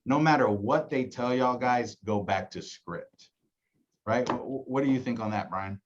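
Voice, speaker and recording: A man's voice: mid-range voice, normal speed, muffled recording, noisy background. A man coaching colleagues on setting phone appointments, acting out calls and often tagging his points with "right?". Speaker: insurance agency director. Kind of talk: casual training talk.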